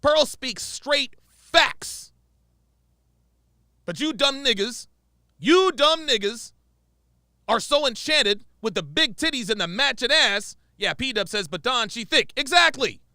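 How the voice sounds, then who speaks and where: A man's voice: very high voice, expressive, slow pace, bright, forceful tone, no room sound, clean studio sound. A man giving heated, profane, sarcastic reaction commentary as the show's host.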